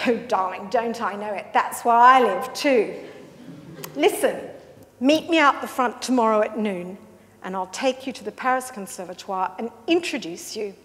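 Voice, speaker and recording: A woman's voice: fairly high pitch, moderate pace, fairly bright tone, roomy sound, long reverb tail, close to an everyday voice. A woman putting on a teasing young Englishman with an English accent, chummy and theatrical. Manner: chummy, theatrical, full of endearments. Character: camp, teasing young Englishman, flute student.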